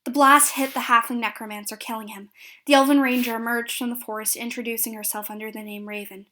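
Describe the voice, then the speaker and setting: A woman's voice: fairly high pitch, fairly even intonation, fast talker, bright, forceful tone. A woman narrating a recap of a tabletop fantasy game, reading steadily with small slips and restarts.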